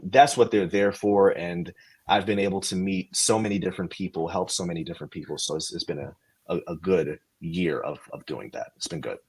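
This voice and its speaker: A man's voice: sits low, slightly rough, low-quality recording. A man, a podcast guest, casually and animatedly explaining career steps, posing questions as he goes.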